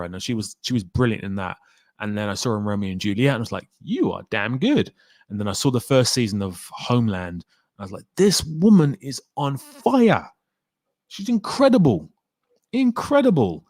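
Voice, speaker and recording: A man's voice: on the low side, dry recording, clean studio sound. A man hosting a casual live stream about films, rambling and talking straight to his chat viewers by name. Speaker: film talk live stream host.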